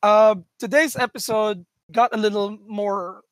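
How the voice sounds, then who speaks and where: A man's voice: high-pitched, steady tone, measured pace, dry recording. A man co-hosting a podcast, telling family stories in casual chat and laughing often. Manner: laughing storyteller, switches between English and Tagalog. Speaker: podcast co-host.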